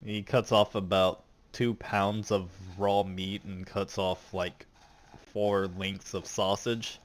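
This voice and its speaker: A man narrating a tabletop game as game master, in a relaxed, unhurried way. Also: on the low side.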